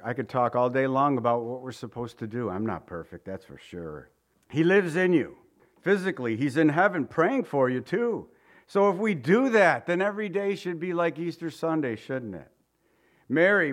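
A man preaching a conversational Easter sermon, joking with the congregation and asking rhetorical questions. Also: mid-range voice. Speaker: pastor.

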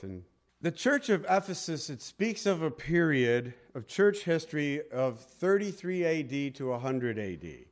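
Man, pastor, conversational sermon, storytelling, mid-range voice. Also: medium pitch.

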